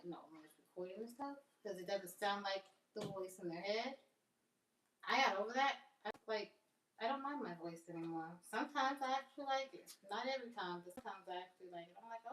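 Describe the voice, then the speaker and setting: A woman's voice: mid-range voice, a bit bright. A woman chatting casually on a live stream, rambling and amused by her own jokes. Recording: roomy, distant from the mic.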